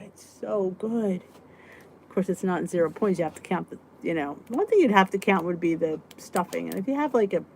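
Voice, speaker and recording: A woman's voice: mid-range voice, a little mellow, slight background noise. A middle-aged woman hosting a casual weight-loss live stream, chatting and answering viewers' comments as she goes. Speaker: weight-loss vlog host reading live chat.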